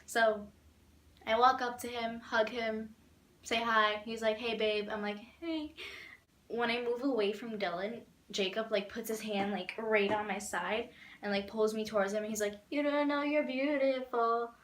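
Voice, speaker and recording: Young woman vlogger, casual rambling storyteller, mid pitch, roomy sound. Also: moderate pace, slight background noise. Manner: rambling, animated, many "like"s and laughs.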